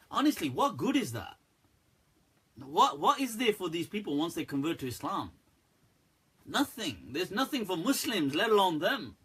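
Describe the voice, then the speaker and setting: During a live stream, a man who is an Islamic scholar responds to viewer questions candidly and animatedly, with plenty of laughter. His voice sits high with a breathy edge, at a moderate pace.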